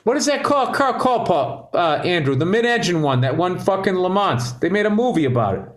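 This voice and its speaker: A man's voice: high voice, a little fast. Ranting, swearing man on a podcast. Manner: profane, ranting, rambling asides; loose and jokey, with bursts of excited speech. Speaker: comedian co-host. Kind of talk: casual podcast chat.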